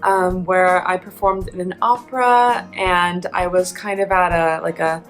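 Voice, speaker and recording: A woman's voice: on the low side, steady tone, measured pace, faint music behind, rough recording. A young adult woman, an opera singer, hosting a casual vlog and chatting in a rambling way with frequent laughs.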